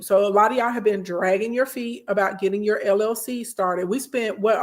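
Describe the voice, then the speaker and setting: A woman talks straight to her followers on a livestream, chatty and blunt. She keeps checking in with "okay?" and scolds them like a big cousin. Her pitch sits in the middle range. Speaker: business coach hosting a livestream. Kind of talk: casual livestream talk to followers.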